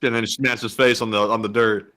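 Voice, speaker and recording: Bright-voiced laid-back male co-host. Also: on the low side, flat delivery, fast talker. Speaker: stream co-host. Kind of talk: casual livestream chat.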